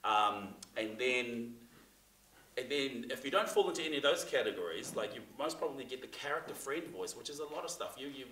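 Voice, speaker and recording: A seminar presenter gives a relaxed, talkative class lecture in a theatre room, peppered with fillers and restarts. He has a medium-pitched voice that is expressive, fairly quick, pushed and bright. The echoey recording comes from a far-off mic and has slight background noise.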